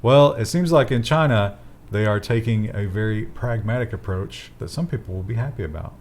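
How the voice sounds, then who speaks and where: A man's voice: lowish voice, a little fast, darkish tone, slight background noise. A man hosting a casual tech news chat, with dry and wry asides.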